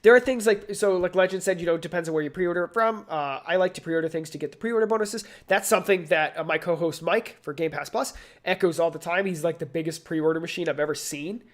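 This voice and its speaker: A man's voice: on the high side, fast, few pauses. A man co-hosting a casual live gaming chat, rambling with many fillers and restarts. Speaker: co-host.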